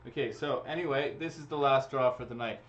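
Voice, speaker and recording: Brisk and mid-range, a man's voice carries a relaxed livestream raffle, where he laughs and chats through every draw. He speaks into a computer microphone, and the stream sound is muffled and low quality.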